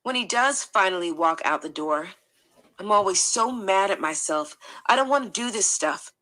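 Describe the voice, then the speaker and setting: A woman reading a first-person account aloud in a steady, matter-of-fact way. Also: medium pitch, normal speed, low-quality recording. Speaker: reader.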